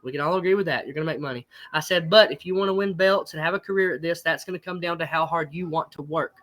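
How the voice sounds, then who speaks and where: Fast-talking, high-voiced man. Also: a bit bright. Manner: blunt, emphatic, swears freely. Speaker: fight promotion owner, guest. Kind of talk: casual interview chat.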